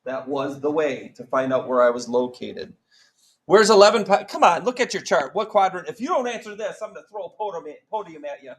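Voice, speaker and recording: A man's voice: on the high side, expressive, brisk, low-quality recording. Joking man teaching a math class. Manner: joking, quizzing students with countdowns. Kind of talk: classroom lesson.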